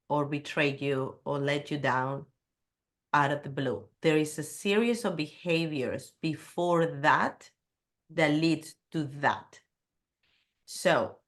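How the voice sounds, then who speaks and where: Middle-aged woman guest, lowish voice, candid personal storytelling with slight non-native grammar. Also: fairly bright tone.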